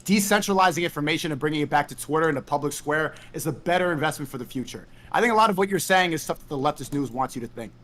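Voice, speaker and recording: A man's voice: a little high, expressive, rapid-fire, few pauses, a bit bright. A man on a call, arguing his side in an insistent, defensive back-and-forth. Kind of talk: heated casual argument.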